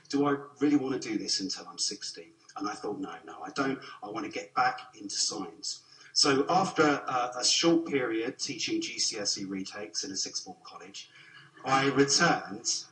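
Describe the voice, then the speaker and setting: A man's voice: medium pitch, recorded from a distance. Man lecturing in a roomy hall. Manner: self-deprecating anecdotes with gentle humour. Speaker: professor giving a lecture. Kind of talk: formal lecture to an audience. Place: lecture theatre.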